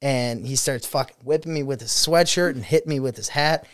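A man's voice: medium pitch, brisk, clean tone, dry recording, studio quality. A young man, a student teacher, telling stories in a casual chat, swearing freely and laughing as he goes. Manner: profane, laughing, animated storyteller.

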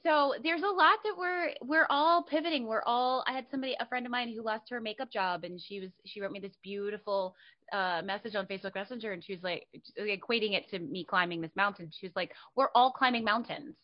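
Woman actor chatting, animated, swears a lot, kinda muffled lo-fi audio. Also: medium pitch, brisk. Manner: animated, swearing, acts out her own past reactions. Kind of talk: casual conversation. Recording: dull lo-fi sound.

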